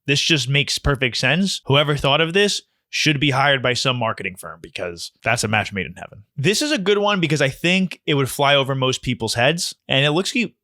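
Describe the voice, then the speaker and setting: Guy riffing on funny shirts, crude rambly jokes, bright tense voice, dry close sound. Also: mid-range voice, animated, moderate pace, hardly any pauses, no echo. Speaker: video host reacting to shirts. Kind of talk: casual comedic reaction.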